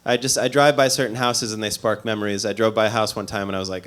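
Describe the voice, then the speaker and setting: A male comedian from the Midwest tells a long story in a loose, conversational way. He makes fun of himself as he goes and drops dry side remarks. His voice sits at an ordinary middle pitch for a man. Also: expressive, quick pace, few pauses. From American Midwest. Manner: loose, self-mocking storytelling with dry asides. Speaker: stand-up comedian. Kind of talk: stand-up comedy.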